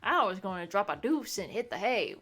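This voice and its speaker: Brief: woman doing a teasing non-human headmaster, put-on Cajun drawl, mid pitch, over soft game music. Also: big pitch swings, brisk. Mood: taunting. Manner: loud, teasing, theatrical. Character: brash male creature headmaster, mocking.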